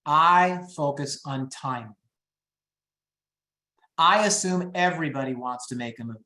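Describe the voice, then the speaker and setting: A man coaching real estate agents on phone scripts, talking fast and upbeat and acting out the calls. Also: pushed and bright, reverberant. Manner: high-energy, quick, acts out phone calls. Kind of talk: teaching sales scripts in a webinar.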